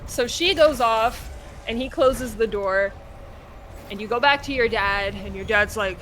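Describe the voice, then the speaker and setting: A woman streamer chatting loosely, her voice sitting a little higher than most women's. She rambles with lots of fillers, and a faint noise hums behind her. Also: unhurried. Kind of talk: casual chat retelling a game story.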